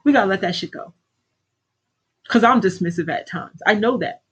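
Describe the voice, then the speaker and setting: A middle-aged woman gives her livestream viewers a casual pep talk as a life coach, blunt, preachy and heavily profane. Her medium-pitched voice is a bit bright with a breathy edge, moving at a moderate pace on a low-quality recording.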